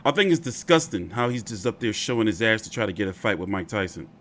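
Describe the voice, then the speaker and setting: A man commentating on boxing clips in a casual, exasperated, animated way, swearing freely. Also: lowish voice, fast talker, a little hiss or hum.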